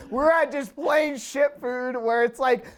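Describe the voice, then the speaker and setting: A man's voice: very high-pitched, steady tone, slow pace. A man in his twenties, a former Marine co-hosting a podcast, telling a story between bursts of laughter. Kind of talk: casual podcast chat.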